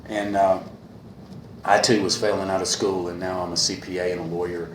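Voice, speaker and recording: Man, meeting speaker, low voice, sincere and halting, echoey hall recording. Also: level tone. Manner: earnest, repeats a refrain, halting with fillers. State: a little emotional. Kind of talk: personal talk at a meeting. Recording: echoey room with faint hiss.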